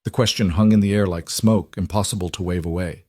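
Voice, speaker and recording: A man reading a romance story aloud as scripted narration, steady and even. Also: sits low, brisk, no room sound, studio quality. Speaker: audiobook narrator.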